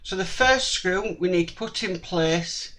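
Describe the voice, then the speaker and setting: A man narrating a hands-on model-kit build, slow and apologetic, muttering as he works. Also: high voice, bright, forceful tone, poor audio.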